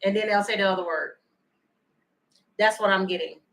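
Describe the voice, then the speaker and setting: A woman giving a chatty, animated livestream tarot reading and thanking viewers by name. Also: medium pitch, normal speed, rough recording. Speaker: tarot reader.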